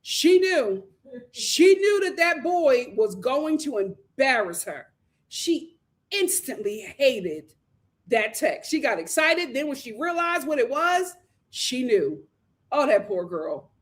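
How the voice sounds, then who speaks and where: A woman hosting a live recap show, animated and opinionated as she gives her commentary. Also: high voice, slow pace. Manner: animated, opinionated, acts out quotes. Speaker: host.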